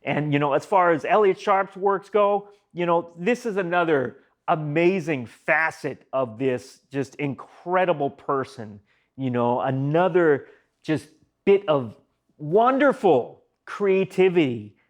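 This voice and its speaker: A man's voice: a little high, lively intonation, measured pace. A man giving a casual, enthusiastic spoken album review, rambling with fillers and asides. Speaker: music reviewer.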